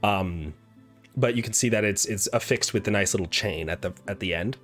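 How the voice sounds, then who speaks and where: A man narrating a tabletop game as dungeon master, with halting, filler-heavy narration. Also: fairly low pitch, a bit bright, soft background music.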